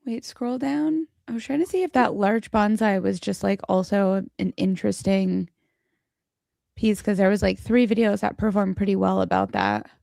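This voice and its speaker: A woman's voice: medium pitch, animated, moderate pace, gravelly, darkish tone, no echo, clean studio sound. A woman co-hosting a live stream channel review, casual and a bit hesitant.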